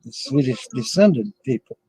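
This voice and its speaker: A man's voice: medium pitch, expressive, moderate pace, dark tone, slightly rough, dry recording, poor audio. A middle-aged man hosting a casual livestream from his RV, rambling and chuckling often as he chats with viewers. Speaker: livestream host.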